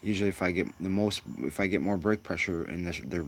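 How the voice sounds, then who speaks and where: A man's voice: deep voice, quick pace. A man giving casual, rambling commentary while sim racing, musing aloud with lots of fillers.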